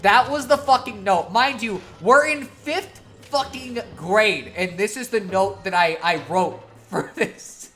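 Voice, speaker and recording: A woman's voice: medium pitch, slow pace, few pauses, fairly bright tone, soft background music. A woman streamer telling a long story in a casual, profane, laughing way.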